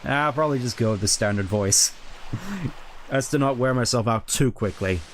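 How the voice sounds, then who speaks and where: A man's voice: medium pitch, normal speed, slight background noise. A man casually commenting while streaming a video game, joking and self-deprecating.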